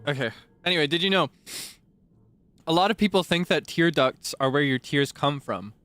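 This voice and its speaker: A man livestreams and chats playfully with his viewers, teasing them and dropping bits of trivia. His voice is fairly high and fairly bright, at normal speed, and the recording is dry.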